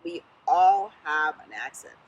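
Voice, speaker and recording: A woman's voice: deep voice, expressive, unhurried, dull audio, a little hiss or hum. A woman with a Southern US accent, a political candidate speaking in an interview in an emphatic, encouraging way that repeats key phrases. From Sierra Leone. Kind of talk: casual interview talk.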